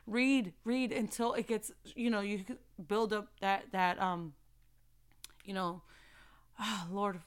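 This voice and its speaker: A woman's voice: medium pitch, steady tone, slow, smooth. A young woman giving a passionate faith-based motivational talk, preaching and repeating phrases for emphasis. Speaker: faith vlogger.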